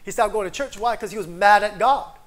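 A man's voice: high-pitched, a little fast. A man preaching a sermon in a conversational way, often checking in with "right?" and building to emphatic declarations.

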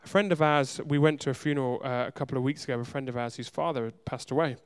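In a city church, a man preaches an emphatic sermon, firing off rhetorical questions and repeating words for stress. His medium-pitched voice is smooth and he talks fast.

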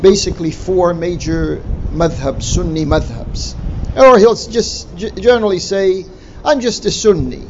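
A man preaching a sermon in a slow, deliberate way, stressing key words with emphatic rises. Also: sits high, a little mellow. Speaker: Islamic preacher. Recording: dull lo-fi recording with faint noise.

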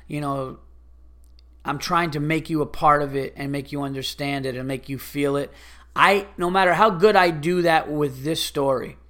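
A man's voice: a little high, fairly bright tone. A young man, hosting a podcast and telling a casual, profane story about a rude phone call. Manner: profane, exasperated, mimics others in quick asides. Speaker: podcast host.

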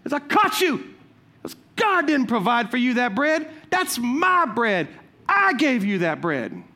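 A man's voice: extremely high pitch, very animated, slow pace, sharp tone, heavily acted. A man voicing an irritated atheist neighbor who scoffs and mocks in a sermon story. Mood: exasperated. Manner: exasperated, scoffing.

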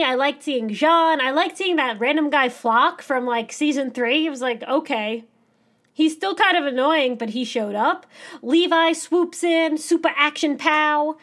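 A woman co-hosting a casual podcast chat, animated and excitable, acting out lines as she talks. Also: high-pitched. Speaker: podcast co-host. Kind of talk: casual chat about an anime episode.

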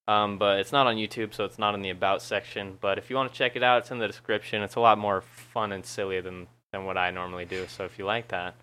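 A man's voice: lowish voice, fairly even intonation, fast, hardly any pauses, pushed and bright, smooth. A young man chatting casually on a podcast, laid-back and swearing often, laughing at himself. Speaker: YouTuber and podcast guest.

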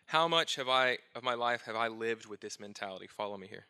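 A man's voice: medium pitch, animated, fairly quick, sharp tone, clean tone. A middle-aged male pastor preaching a sermon, earnest and self-searching with touches of light humor.

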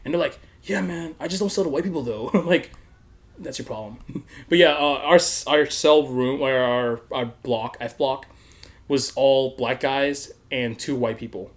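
A man's voice: medium pitch, normal speed. A man telling a story in casual chat, laughing often and acting out other people's voices.

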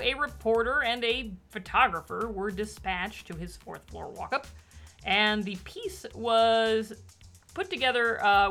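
A woman's voice: a little high, pushed and bright. A woman co-hosting a casual book podcast, wry and bookish, with dry jokes. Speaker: podcast co-host discussing a picture book. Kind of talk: casual chat.

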